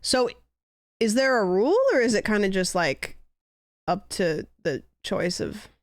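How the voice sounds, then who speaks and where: A woman's voice: medium pitch, animated, measured pace, no echo, studio quality. A young woman streamer in casual chat, rambling and musing aloud with lots of "like" fillers.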